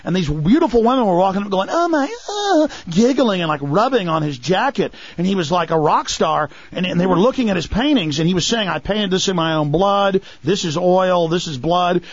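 A man's voice: high-pitched, expressive, brisk, few pauses, slightly rough, no echo, dull audio. A radio talk show host, a man speaking in a heated, mocking way, putting on voices to ridicule others. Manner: mocking, sarcastic, acts out voices.

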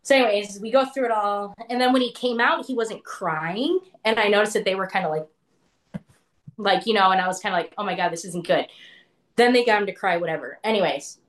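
A woman telling a personal story as an interview guest, chatty and casual, filling her speech with "like" and acting out what others said to her. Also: mid-range voice.

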